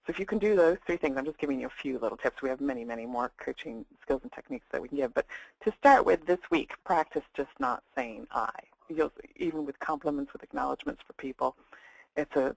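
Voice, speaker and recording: A woman's voice: deep voice, vocal fry, no echo, poor audio. A woman career coach giving a plain-spoken, conversational webinar talk.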